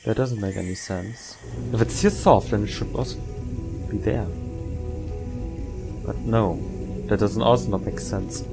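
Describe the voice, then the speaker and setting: A man's voice: mid-range voice, moderate pace, gravelly, a little mellow, faint music behind. A tired man giving late-night gameplay commentary, muttering and rambling to himself as he works through puzzles. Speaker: gamer playing a puzzle game.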